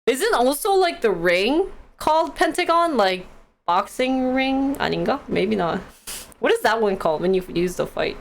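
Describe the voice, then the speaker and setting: Lively, giggly young woman streamer. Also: fairly high pitch, moderate pace, creaky, slight background noise. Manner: chatty, giggly, reacts to chat. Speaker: stream host reading stock news. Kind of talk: casual live-stream chat.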